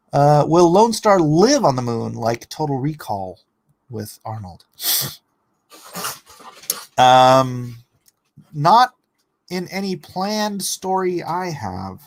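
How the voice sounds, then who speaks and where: A man hosting a casual livestream, reading chat comments aloud and answering them with rambling, sarcastic talk and frequent laughter. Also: medium pitch. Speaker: livestream host and artist.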